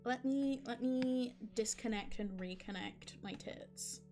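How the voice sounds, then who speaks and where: A woman's voice: on the high side, slow pace, dark tone, soft background music. A woman streamer reading a visual novel aloud and chatting with viewers in a rambling, self-mocking way, with frequent restarts.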